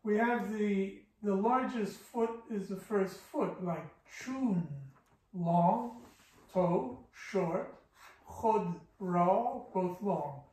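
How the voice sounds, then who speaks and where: A man's voice: sits high, extremely slow, warm tone. A man teaching a Persian poetry lesson, patiently breaking lines of verse into syllables and explaining the meter. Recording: echoey room from far off.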